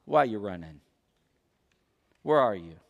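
A man voicing God as a calm, fatherly figure calling out gently in a low voice. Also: drawn-out words, gravelly, big-room sound, muffled recording, full character voice. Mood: gentle calling.

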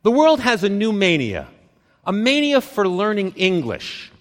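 A man giving a live conference talk on stage, speaking in short dramatic phrases with deliberate pauses. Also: high-pitched, wildly swooping pitch, slight background noise. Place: stage in a large hall. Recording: long hall reverb from a live stage.

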